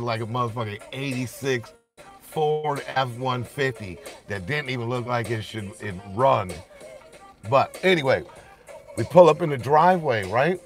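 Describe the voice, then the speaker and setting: Gravelly man, forties, cussing storyteller, slow-paced, animated. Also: medium pitch. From Detroit, Michigan. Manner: profane, animated storyteller who laughs often and acts out shouts. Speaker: rapper telling stories. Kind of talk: casual storytelling chat.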